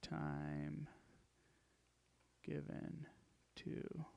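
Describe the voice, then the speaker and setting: A man's voice: extremely low pitch, very animated, extremely slow, vocal fry, darkish tone, clear, resonant tone. A male music teacher reading worksheet instructions aloud and counting beats as he walks through the exercises.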